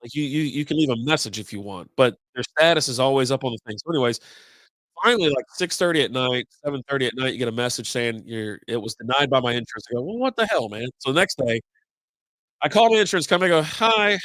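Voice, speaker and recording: Host, male, 40s, stuffy with a sinus cold; rambling, fed-up rant, mid pitch, dry close-mic sound. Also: lively intonation, fast, fairly bright tone, no echo, rough recording. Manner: rambling and exasperated, acts out both sides of conversations. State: congested from sinus infection. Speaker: podcast host. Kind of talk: casual live-stream rant.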